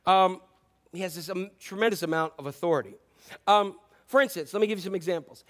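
A man's voice: high voice, quick pace. A pastor preaching a sermon in a chatty, joking way, asking his congregation questions and acting out scripture. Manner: conversational and joking, quizzes the congregation; acts out scripture quotes in playful voices.

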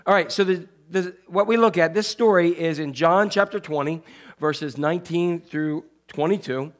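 Pastor guy with a high voice preaching, jokey and chatty, keeps asking the crowd "got me?". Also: moderate pace. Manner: conversational, often checks in with the congregation; playful, jokey asides. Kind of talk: sermon.

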